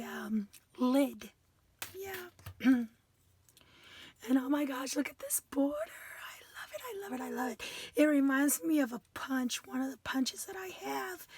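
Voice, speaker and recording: A hoarse woman with a high voice shows off craft supplies in an unhurried, rambling way. She is losing her voice, so much of it comes out strained and half-whispered. There is a faint hiss behind her. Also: darkish tone. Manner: chatty, enthusiastic, rambling. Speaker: craft vlogger. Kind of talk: casual craft haul chat.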